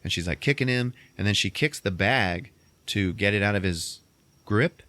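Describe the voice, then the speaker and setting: Low-voiced man telling a movie story. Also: normal speed, no echo. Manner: animated storytelling, swearing, acting out characters in squeaky voices. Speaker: podcast host recapping a movie. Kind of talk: casual chat.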